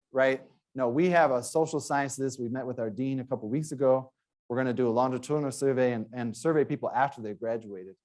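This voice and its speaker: A man's voice: mid-range voice, darkish tone. A man, a sociology professor, giving an earnest conference presentation and telling stories, with frequent restarts.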